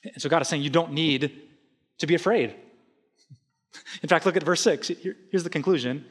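A middle-aged pastor preaches with loose, joking energy and a slightly high voice. He talks to the congregation like friends. The sermon sounds casual and upbeat. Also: moderate pace, long pauses, breathy edge. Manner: energetic, conversational, humorous.

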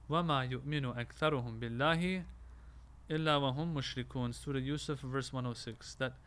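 A man delivers a religious lecture in a slightly raised voice. He explains patiently, asks questions of his listeners and answers them himself. He reads Arabic quotations quickly. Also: fairly high pitch, fairly bright tone. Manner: recites Arabic quotations rapidly.

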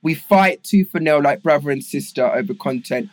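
Chatty London man, bright pitch. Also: normal speed, no room sound. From England. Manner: rambling, animated storyteller with many fillers. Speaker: guest. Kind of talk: casual interview storytelling.

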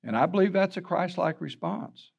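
An older pastor preaches a sermon in a fairly high voice. He tells a story from his own life, acts out the people he quotes and repeats words as he goes. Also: animated, normal speed, gravelly, breathy edge, dull audio.

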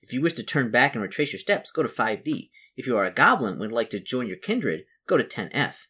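A man's voice: medium pitch, sing-song, fairly quick, sharp tone, husky. A man reading a solo fantasy gamebook aloud and musing over his choices in a chatty, self-correcting way. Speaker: solo gamebook player and narrator.

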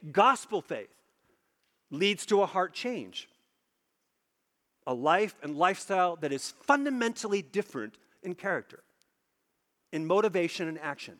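A man preaching a sermon, emphatic, repeating phrases for stress and slowing low on key points. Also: a bit bright, long reverb tail.

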